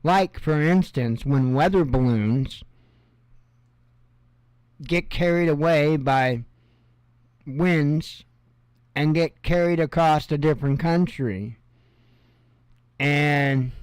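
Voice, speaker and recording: A man's voice: a little high, darkish tone, clean tone, no echo. A male host giving rambling, sarcastic commentary on the news, with mocking asides.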